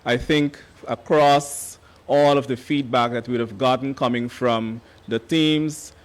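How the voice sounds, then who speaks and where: Hoarse man giving formal remarks. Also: mid-range voice, fairly even intonation. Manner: measured, formal, with frequent hesitant fillers. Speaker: education official giving remarks. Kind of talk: formal ceremony speech.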